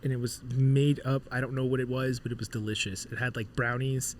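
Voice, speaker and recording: A man who is a musician guest on a casual podcast, telling animated stories and acting out bits of dialogue, with lots of filler words. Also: mid-range voice, a little fast, a little hiss or hum. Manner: animated storyteller, acts out dialogue, many fillers.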